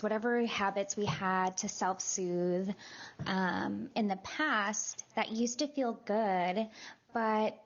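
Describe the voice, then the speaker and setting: A woman astrologer talking casually in a voice note, chatty and full of fillers. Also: medium pitch. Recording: dull lo-fi voice note.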